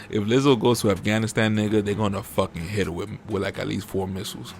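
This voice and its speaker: A young man rants on a podcast, loose and profane, breaking into shrill mocking impressions. His voice sits low with a gravelly fry, and faint music plays underneath. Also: quick pace. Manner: profane, animated ranting with mocking high-pitched impressions. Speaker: podcast host. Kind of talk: casual uncensored podcast rant.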